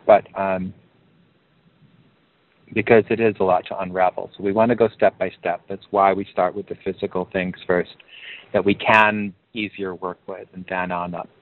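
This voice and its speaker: A man coaches over a narrow, phone-like line, his voice sitting fairly low. He speaks calmly and encouragingly, often lifting his pitch to stress a point. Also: moderate pace. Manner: calm, encouraging, rises in pitch for emphasis. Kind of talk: group coaching call.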